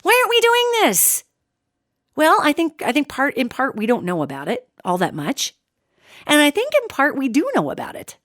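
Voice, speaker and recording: Animated woman podcast host. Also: high voice, moderate pace, dry recording, clean studio sound. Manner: animated, emphatic, addresses listeners as "gang". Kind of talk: solo podcast monologue.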